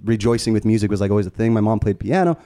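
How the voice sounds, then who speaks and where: A man's voice: fairly low pitch, rapid-fire. A man from Las Vegas, a musician guest on a podcast, chatting casually, telling stories with lots of laughter and swearing. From Las Vegas, USA. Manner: excitable, laughing storyteller, swears freely.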